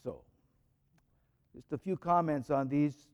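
Male priest, high voice, slow and reflective homily, reverberant church hall. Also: highs cut off. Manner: slow, reflective, reads prayers aloud with rising emphasis. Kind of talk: homily with scripture reading.

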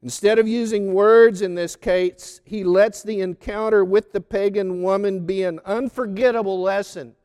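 A man delivers a sermon with slow, deliberate phrasing, weighing each word. His voice sits high and comes through clear and smooth. Long reverb hangs behind him, as in a large church. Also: fairly even intonation, darkish tone. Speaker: preacher. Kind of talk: sermon on a Gospel reading.

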